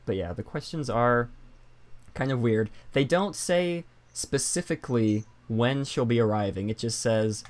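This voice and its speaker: A man's voice: mid-range voice, measured pace, darkish tone. A man hosting a casual podcast, chatting loosely and poking fun at himself as he reads out quotes. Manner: chatty, self-deprecating, reads quotes aloud. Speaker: podcast host.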